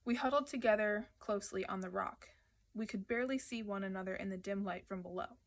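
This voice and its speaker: A woman reading a children's adventure novel aloud, narrating in the first person at a steady, lively pace. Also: medium pitch, brisk. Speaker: audiobook reader. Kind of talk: children's book read aloud.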